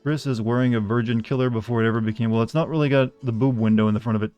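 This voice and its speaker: A man's voice: mid-range voice, steady tone, very fast, smooth, no echo, lo-fi sound, faint music behind. A young man giving casual, offhand commentary while streaming a game, rambling and swearing freely.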